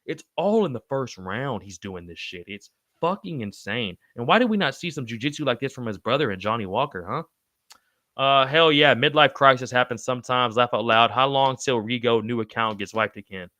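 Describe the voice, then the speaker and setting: Excitable man, bright dry close mic. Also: medium pitch, moderate pace, no echo. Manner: excitable, swears freely, calls everyone brother. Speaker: podcast host reading live chat. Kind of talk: casual live-stream chat.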